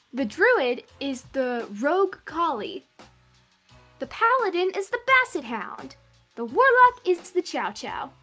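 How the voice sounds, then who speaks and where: A woman in casual group chat, excitable and gushing as she shares something she found. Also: high-pitched.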